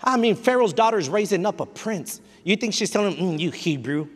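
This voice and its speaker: A man's high, bright voice rings out in an emphatic sermon, exhorting his listeners with repeated lines and a few Spanish phrases. He drives his points home with direct, playful asides. The sound carries the long reverb of a church hall. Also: animated, a little fast, some chatter behind. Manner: emphatic, repetitive preaching that mixes in Spanish phrases. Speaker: pastor. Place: church sanctuary.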